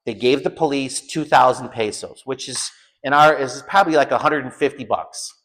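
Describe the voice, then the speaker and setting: An American man at a medium pitch, teaching an informal lesson. He tells a personal story with lots of energy, repeats himself, restarts and jumps up loudly when he acts out the people in it. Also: normal speed. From United States. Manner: animated storyteller, acts out shouted quotes. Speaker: home school teacher.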